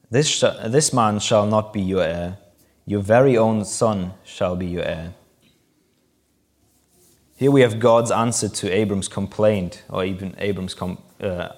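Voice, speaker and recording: A man with a fairly low voice preaches a sermon, walking listeners through a scripture passage. He explains in a conversational way and lifts his voice to act out the quoted lines. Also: a little mellow. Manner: explanatory, acts out quoted lines with rising emphasis.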